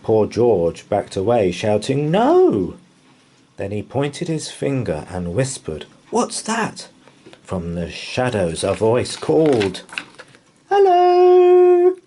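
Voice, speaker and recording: A man reading a bedtime story aloud in a slow, gentle, expressive way. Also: fairly low pitch, a little hiss or hum.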